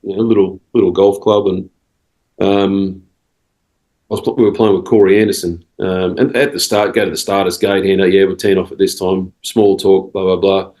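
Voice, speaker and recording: A man's voice: deep voice, flat delivery, normal speed, a little mellow, low-quality recording. An Australian man, a cricket coach and podcast guest, telling stories in a rambling casual way with quoted dialogue. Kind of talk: casual storytelling interview.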